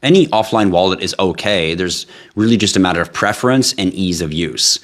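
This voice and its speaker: Low-voiced tired man hosting a live chat. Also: fairly quick. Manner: relaxed, chatty, reads viewer questions aloud and answers. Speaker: livestream host answering crypto questions. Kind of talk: casual live Q&A.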